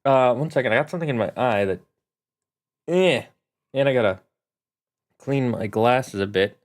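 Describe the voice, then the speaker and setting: A man's voice: mid-range voice, normal speed. A man, a game master, chatting casually on his live stream from his home room, with showy greetings and chatty asides.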